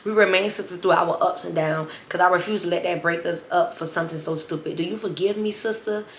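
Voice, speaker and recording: A woman in her twenties tells a story straight to her viewers with a sassy, animated delivery. Her voice sits a little low, and the room around her rings with a noticeable echo. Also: quick pace, a little hiss or hum. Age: 20s. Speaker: vlogger. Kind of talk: storytime vlog. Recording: roomy echo.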